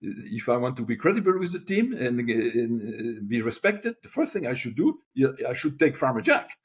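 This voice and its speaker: A man's voice: medium pitch, normal speed. Older man telling anecdotes. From Europe. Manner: animated, with many restarts and acted-out quotes. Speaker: guest. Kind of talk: anecdotal storytelling.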